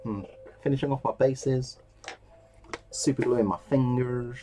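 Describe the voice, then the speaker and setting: A man's voice: medium pitch, steady tone, measured pace, warm tone, slight background noise. A man giving a casual running commentary while crafting at his desk, rambling, joking and swearing under his breath. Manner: rambling, jokey, swears and mutters to himself. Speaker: miniature painting hobbyist.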